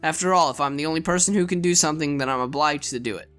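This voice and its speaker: A man's voice: fairly high pitch, rapid-fire, clear, resonant tone, soft background music. Earnest man reading a visual novel. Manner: earnest, expressive reading with small stumbles. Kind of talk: visual novel read aloud.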